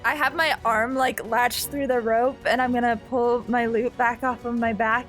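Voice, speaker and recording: A woman's voice: fairly high pitch, level tone, moderate pace, fairly bright tone, soft background music. A woman playing a tabletop game, explaining her character's turn in a chatty, giggly way with many fillers. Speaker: player.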